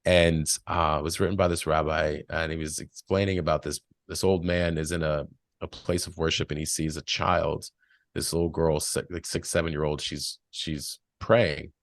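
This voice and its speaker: A man's voice: a bass voice, level tone, normal speed, no room sound, studio quality. A man speaking as a podcast guest, giving earnest spiritual life advice in a rambling, storytelling way. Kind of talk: casual spiritual advice chat.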